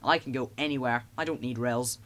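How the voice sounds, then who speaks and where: A man's voice: mid-range voice, steady tone, a little fast, a bit bright, close to an everyday voice. A man voicing a friendly, self-assured farm tractor in a storybook reading. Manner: friendly, confident.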